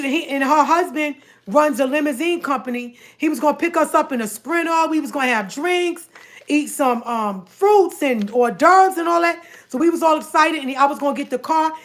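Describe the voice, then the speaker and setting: A woman telling a personal story to her viewers in a casual, animated way, often acting out what others said. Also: high-pitched. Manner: animated, repeats herself, quotes others in dialogue.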